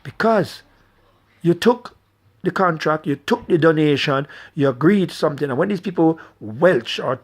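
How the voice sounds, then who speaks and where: A man in middle age vents his anger at politicians in a blunt, combative monologue aimed squarely at his viewers. His voice sits a little higher than most men's. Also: expressive, unhurried, slightly rough. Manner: angry, blunt, addresses viewers directly. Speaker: political commentator. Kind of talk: impassioned political rant.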